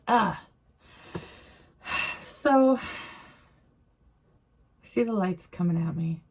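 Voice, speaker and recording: A middle-aged woman vlogger recounting a personal experience in a halting, emotional way, often repeating her phrases. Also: mid-range voice, lively intonation.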